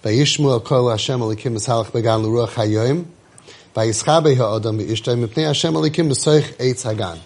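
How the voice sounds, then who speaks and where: Mid-range and moderately paced, a man teaches a Torah class. He quotes Hebrew verses, explains them in English, and keeps the lesson animated by constantly asking his listeners rhetorical questions.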